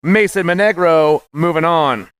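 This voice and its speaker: Man, race announcer, high voice, smooth and clear, dry close sound, excited rapid calls. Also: no room sound. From USA. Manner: excited, punchy calls, nicknames, fired up. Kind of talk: live race commentary.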